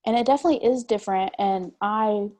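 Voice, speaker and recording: Young country-accented woman, mellow. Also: mid-range voice, quick pace. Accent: East Tennessee country. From East Tennessee. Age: young adult. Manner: candid and storytelling. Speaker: panelist. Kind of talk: online panel discussion. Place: video call.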